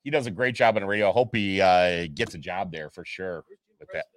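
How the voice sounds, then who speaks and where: A man's voice: sits low, brisk, no room sound. A man co-hosting a casual sports and trading card podcast, ranting and joking. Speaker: podcast co-host.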